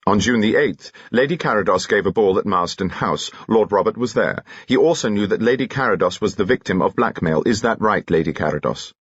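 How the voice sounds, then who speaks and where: A man voicing a calm, methodical male police inspector in an audiobook, quiet and matter-of-fact. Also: lowish voice, fairly quick, hardly any pauses, slightly rough, no echo, highs cut off, pitched above the performer's own voice.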